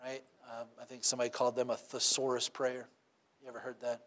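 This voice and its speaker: A man's voice: mid-range voice, completely flat delivery, fast, a bit bright. Guy preaching casually, lots of "right?", acts out bits. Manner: conversational, asks "right?" often, acts out quotes. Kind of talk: sermon.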